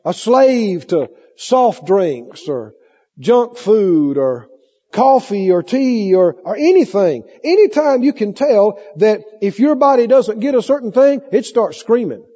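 A man preaching a sermon with lively delivery, playing out cravings in mock voices, recorded on a muffled tape in a hall. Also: high-pitched, takes it slowly, husky.

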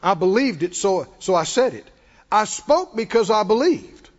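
A man's voice: high-pitched, sing-song, moderate pace. An older man preaching a sermon, telling a story with passion and calling out to the congregation. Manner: impassioned storytelling preacher, call-and-response. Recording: echoey hall, dull muffled sound.

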